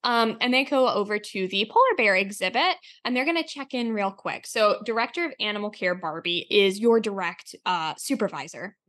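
A woman's voice: mid-range voice, moderate pace, hardly any pauses, a bit bright. A woman running a tabletop role-play as game master, narrating with lots of fillers.

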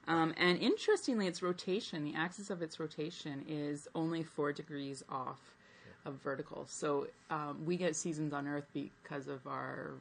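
Lower-voiced woman co-hosting a podcast. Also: normal speed, creaky. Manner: chatty, laughs often, reads facts carefully. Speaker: podcast co-host. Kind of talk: casual chat reading out facts.

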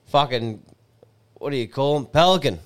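Chatty Australian man, smooth voice. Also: mid-range voice, animated, normal speed. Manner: crude, chatty storytelling. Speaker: podcast co-host. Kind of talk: casual banter.

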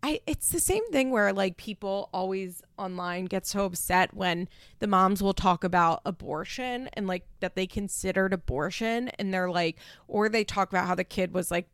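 A woman's voice: mid-range voice, creaky, dry recording. A woman giving her casual opinions on a reality show, talking frankly with lots of fillers and restarts. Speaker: reality TV commentator.

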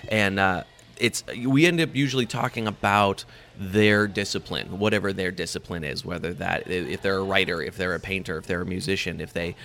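A man's voice: deep voice, fairly quick, fairly bright tone, a little hiss or hum. A man, a podcast host, talking casually in an interview, rambling with many fillers and restarts and laughing easily. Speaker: podcast host, guest on another show.

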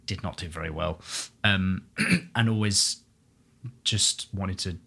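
A man's voice: deep voice, gravelly, pushed and bright, husky. A man, a musical theatre performer, chatting casually and telling stories with easy laughs. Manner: chatty storyteller, quick laughs, restarts. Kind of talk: casual chat.

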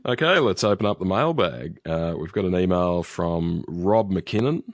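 A man's voice: low-pitched, animated, moderate pace, no echo, clean studio sound. A man co-hosting a podcast, chatting casually and reading out a listener's email, with many ums and restarts. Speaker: podcast co-host.

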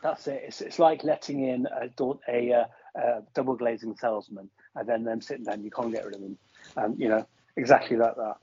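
A man's voice: medium pitch, steady tone, brisk, dark tone, breathy edge, no room sound. A man co-hosting a podcast over a video call, agreeable and hesitant, often restarting his sentences. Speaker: podcast co-host. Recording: dry lo-fi video call audio.

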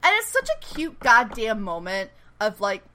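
Animated, lively woman recapping a show. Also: on the high side, normal speed. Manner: animated, swears, acts out characters' lines with laughter. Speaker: podcast co-host. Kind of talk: casual chat recapping a TV show.

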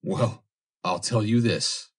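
A man's voice: on the low side, takes it slowly, slightly rough, voice pushed up. A man voicing a jealous, possessive suitor who pleads and turns bitter. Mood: bitter, snarling.

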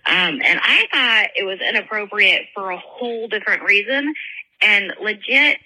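A woman's voice: mid-range voice, expressive, normal speed, pushed and bright, poor audio. A woman in her thirties from Northern California, leaving a rambling, giggly voicemail story full of likes and ums. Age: 30s. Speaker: podcast caller.

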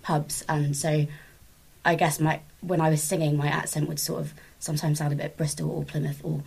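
A woman from England, a podcast guest, talking casually in a halting way full of fillers. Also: deep voice, little pitch movement, creaky, a little mellow, slightly rough. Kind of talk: casual conversation.

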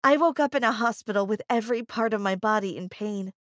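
A woman's voice: medium pitch, a little fast, fairly bright tone, dry recording, clean studio sound. A woman reading a scripted first-person story in an emotive, confessional way.

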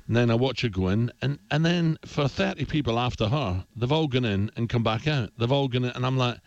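A man telling a casual anecdote as a radio pundit, animated and mimicking voices. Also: medium pitch, a little fast, no echo, highs cut off.

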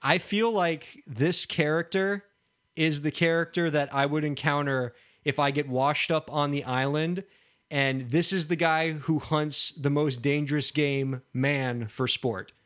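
A man's voice: fairly high pitch, measured pace, a bit bright. A man co-hosting a podcast, chatting casually in an easygoing, self-deprecating way that trips and restarts while he thinks. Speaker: podcast co-host.

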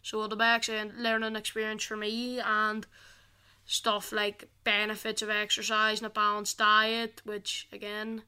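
A teenage girl, giving an overview of the episode on a youth podcast in a slightly halting delivery. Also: medium pitch, completely flat delivery, pushed and bright, smooth.

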